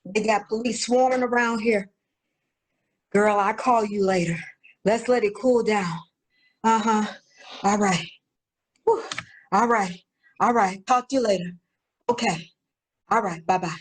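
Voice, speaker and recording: A woman voicing a sassy young woman looter in a comedic skit, boastful and slangy with drawn-out exclamations. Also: mid-range voice, lightly acted, poor audio. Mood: gossipy.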